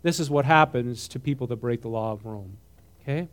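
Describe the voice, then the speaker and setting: A man's voice: mid-range voice, a little fast. A man preaching a conversational sermon. He reads scripture aloud, adds his own comments and keeps asking the congregation questions. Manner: animated, asks the audience questions, mixes reading with comment. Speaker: preacher teaching a Bible passage.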